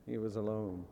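A man preaching a sermon in a measured way, repeating key phrases and putting rhetorical questions to his listeners. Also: lowish voice, vocal fry, mellow, long reverb tail, lo-fi sound, a little hiss or hum. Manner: asks the audience rhetorical questions.

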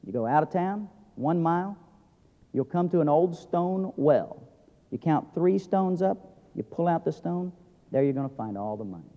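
A man voicing a frightened outlaw who speaks low and quiet. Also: expressive, normal speed, highs cut off. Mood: fearful. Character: frightened male outlaw giving up his hidden loot. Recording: long hall reverb.

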